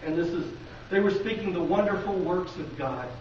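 A man's voice: high-pitched, lively intonation, normal speed, darkish tone, slight background noise. A man with a Midwestern American accent preaching a sermon in a church, talking conversationally and asking the congregation rhetorical questions. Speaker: pastor. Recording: very echoey, distant, dull lo-fi.

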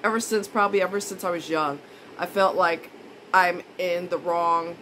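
A woman's voice: fairly low pitch, fairly even intonation, moderate pace, fairly bright tone, a little hiss or hum, low-quality recording. A woman vlogger in a casual monologue, blunt and indignant, repeating her points for emphasis.

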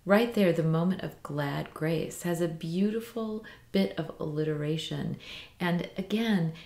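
A woman teaching a poetry lesson, explaining meter slowly and reading lines aloud with careful emphasis. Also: fairly low pitch, vocal fry, darkish tone, roomy sound.

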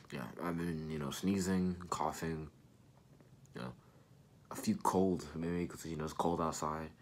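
A man's voice: very deep voice, steady tone, unhurried, a little hiss or hum. A young man vlogging casually from his bedroom about customizing sneakers, rambling and laid-back, sounding sick with a cold. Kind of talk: casual chat to camera.

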